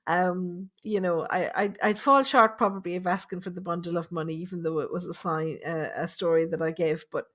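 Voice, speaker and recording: A woman's voice: lowish voice, normal speed, hardly any pauses. A woman with an Irish accent, a spirit medium chatting casually on her live stream at her home computer, greeting viewers and reading their comments aloud. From Ireland.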